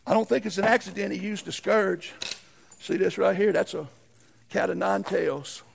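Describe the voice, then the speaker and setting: A pastor man delivers a sermon in plain folksy talk. His voice sits high and is very gravelly with a husky edge. He swings between shouted peaks and hushed drops. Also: steady tone, normal speed. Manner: folksy, uses ain't and y'all.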